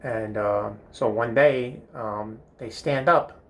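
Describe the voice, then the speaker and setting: A man's voice: mid-range voice, slow. An older man telling rambling comic stories about his school days, full of fillers and self-amused chuckles. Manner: meandering, filler-heavy, chuckling at himself. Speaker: comedic storyteller. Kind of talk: rambling storytelling monologue. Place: bathroom.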